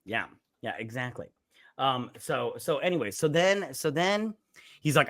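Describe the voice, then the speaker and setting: A man's voice: medium pitch, very animated, measured pace, a bit bright, dry recording, clean studio sound. A man hosting a casual movie review chat, retelling scenes in a rambling way with profane asides. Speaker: podcast host.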